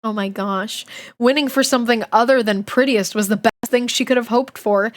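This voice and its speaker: A woman's voice: a little high, moderate pace. A woman streaming a read-aloud of a children's book, breaking off for chatty, laughing asides. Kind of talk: livestream read-along with chat asides.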